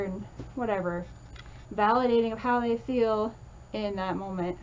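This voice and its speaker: A woman's voice: mid-range voice, measured pace, muffled recording, a little hiss or hum. A woman teaching a casual lesson, chatty and full of fillers, acting out comforting quotes as she explains.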